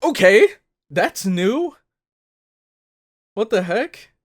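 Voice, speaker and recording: An excitable man reacting to something as it plays, his pitch leaping and falling all over the place. He talks in an unhurried way, thinks out loud with plenty of fillers, and now and then bursts into loud exclamations. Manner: thinks aloud with many fillers. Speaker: anime reaction host. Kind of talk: casual reaction commentary.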